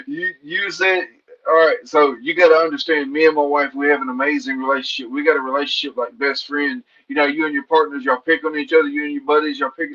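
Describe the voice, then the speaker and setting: A man's voice: a little high, flat delivery, fast talker, pushed and bright, highs cut off. A man appearing as a fighter guest in a casual interview, laid-back and joking, with folksy sayings. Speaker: bare-knuckle fighter guest.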